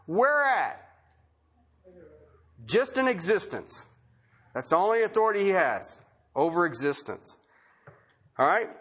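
Male preacher, high voice that swings widely, chatty sermon delivery with repeated phrases. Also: a bit bright, breathy edge. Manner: conversational, rhetorical questions, repeats key phrases.

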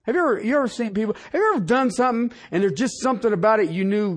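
A man preaching as a pastor, folksy and colloquial, firing off rhetorical questions and swinging between loud peaks and hushed asides. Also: high voice, animated, very fast. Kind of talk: sermon.

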